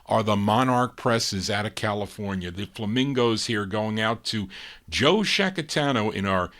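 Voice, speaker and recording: A man hosting a live radio-style record show, chatting casually between songs and pausing now and then to recall details. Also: lowish voice, animated, fairly bright tone. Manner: easygoing and chatty, with frequent pauses to recall details.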